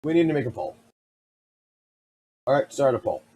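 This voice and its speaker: A man streaming, giving casual reaction commentary in a rambling, profane, excitable way. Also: medium pitch, moderate pace, breathy edge.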